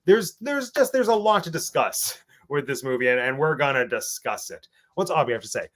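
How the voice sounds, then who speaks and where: A man's voice: medium pitch, lively intonation, a little fast, a bit bright. An English man hosting a casual live stream, playful and jokey as he greets viewers and reads out their chat messages. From England. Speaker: host.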